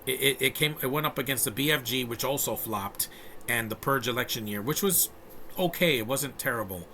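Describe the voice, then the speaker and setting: A man's voice: mid-range voice, fairly quick, sharp tone, a little hiss or hum. A man giving a casual, opinionated film review, rambling with frequent restarts and blunt asides.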